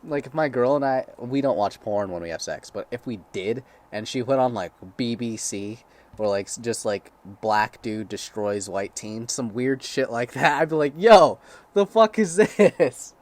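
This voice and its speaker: A man's voice: mid-range voice, moderate pace. A young man with a crude, sarcastic manner, reading blog posts aloud and breaking off to comment and laugh.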